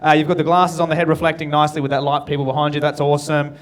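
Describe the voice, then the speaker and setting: Man, young adult, Australian accent, stand-up MC, profane banter, fairly high pitch, comedy club stage. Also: completely flat delivery, racing. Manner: cheeky, profane banter with the crowd. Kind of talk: stand-up comedy crowd work.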